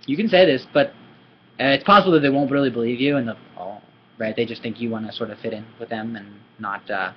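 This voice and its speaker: A man's voice: mid-range voice, breathy edge, lo-fi sound. A man who speaks English natively, teaching Thai in a casual video lesson, chatty and explaining with examples and frequent checks with the listener. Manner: chatty, often asks "right?" and explains with examples.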